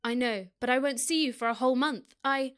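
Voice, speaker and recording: Clingy teasing young racer guy, a woman doing the voice, put-on american-ish accent, pitched up and loud. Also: fairly quick, clean tone. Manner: put-on American-sounding accent, higher and louder than her own voice. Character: young male racing driver, clingy and teasing.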